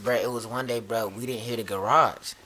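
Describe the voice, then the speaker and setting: Bright-voiced young man telling stories. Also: mid-range voice, fairly quick. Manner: animated, profane, repeats words while telling stories. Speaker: podcast co-host. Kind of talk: casual chat, storytelling.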